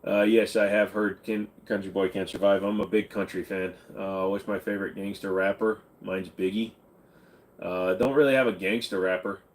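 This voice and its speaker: A man's voice: low-pitched, steady tone, moderate pace. A man hosting a casual livestream Q&A, answering viewer questions in a blunt, offhand and joking way. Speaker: channel host.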